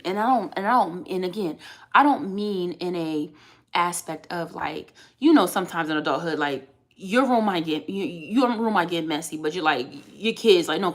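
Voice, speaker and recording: A woman in her thirties, a mother of three, venting in a candid, emphatic and rambling way on a casual vlog. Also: lowish voice.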